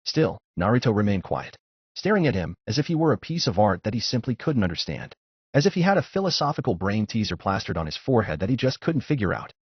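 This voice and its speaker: Male story narrator, steady audiobook reading, husky tone, dry dull recording. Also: on the low side, fast, no room sound. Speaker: fanfiction narrator.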